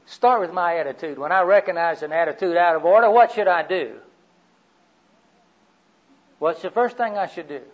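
An older man preaching a sermon, telling personal stories in a folksy way, swinging from loud to quiet. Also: high voice, moderate pace, pauses often, highs cut off.

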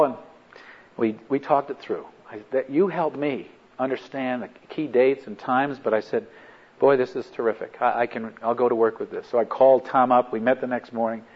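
A middle-aged man speaks to a group in a plain, mid-pitched voice, earnest and a little halting, retelling conversations line by line. The recording is dull and lo-fi. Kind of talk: personal story in a talk.

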